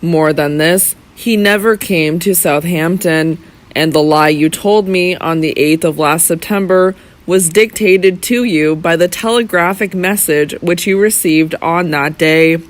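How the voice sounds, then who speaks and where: A reader voicing a grave young gentleman who accuses slowly, solemnly and without pity. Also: mid-range voice, natural voice. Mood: cold accusing. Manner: slow, solemn, measured. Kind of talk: audiobook character voice.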